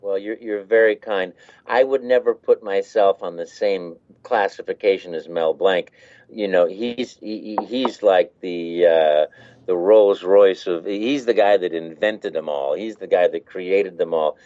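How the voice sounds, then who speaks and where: A man's voice: deep voice, a little slow, warm tone, muffled recording. A man who works as a voice actor, talking casually in an interview and laughing as he demonstrates voices.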